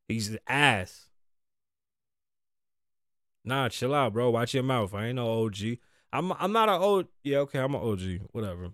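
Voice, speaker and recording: A man's voice: on the low side, animated, a little slow, dry recording, studio quality. A young man hosting a casual news podcast, ranting sarcastically with heavy swearing and mocking asides. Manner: profane, rambling, sarcastic rants with mocking asides. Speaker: podcast host.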